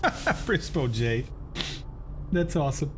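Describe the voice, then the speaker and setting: Slow-talking man streaming a flight sim. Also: medium pitch, lively intonation, background noise. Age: adult, has kids. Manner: explains instrument approaches while eating and answering chat; frequent throat clearing. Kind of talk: casual live-stream chat.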